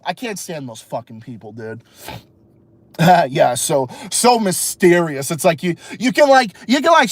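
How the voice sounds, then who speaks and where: A man hosting a podcast, giving a heated, profane, rambling rant from inside his car in the dark. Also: high voice, no echo. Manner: heated, swearing, rambling with restarts. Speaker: podcast host. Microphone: phone livestream.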